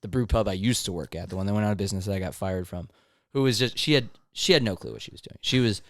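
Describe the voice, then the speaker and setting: A man's voice: on the low side, fast, fairly bright tone, no room sound, clean studio sound. A young man in his twenties, hosting a casual podcast chat and telling work stories in a mocking, profane way. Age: 20s. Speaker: podcast host.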